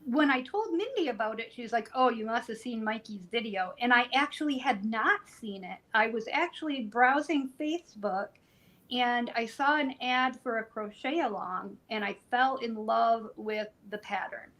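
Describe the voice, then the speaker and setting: A woman's voice: fairly high pitch, expressive, normal speed, a bit bright, poor audio. A woman co-hosting a live crochet stream, chatting casually, laughing often and walking viewers through stitches. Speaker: co-host of a crochet livestream. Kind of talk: casual chat and crochet instruction.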